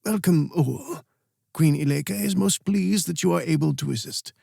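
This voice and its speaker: A man putting on a stout, patient royal advisor from a fantasy audiobook, courteous and unhurried. The voice is dark and gravelly, close and dry. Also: a little high, no echo, exaggerated voice. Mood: welcoming. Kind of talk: audiobook character voice.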